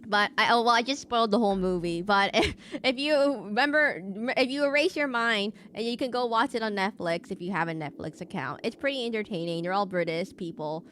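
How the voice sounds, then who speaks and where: A woman streams a game from a desk mic at home, talking in a loose, rambling way that keeps restarting itself. Her pitch sits in the middle for a woman, and a faint hum of room noise runs underneath. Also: brisk, few pauses, a bit bright. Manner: chatty and rambling, many fillers and restarts. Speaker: VTuber streamer. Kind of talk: casual game stream chat.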